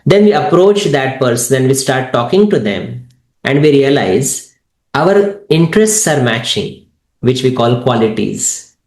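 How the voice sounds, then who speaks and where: A man's voice: medium pitch, expressive, measured pace, darkish tone, reverberant. A man teaching a meditation lesson, asking his audience check questions over and over. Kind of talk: interactive online spiritual lesson.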